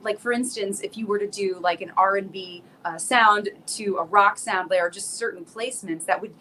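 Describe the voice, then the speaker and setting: A woman's voice: mid-range voice, normal speed, pushed and bright, slight background noise, low-quality recording. A woman singer and vocal coach chatting as a podcast guest, rambling through her explanations with frequent restarts and easy laughter. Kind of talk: casual interview chat.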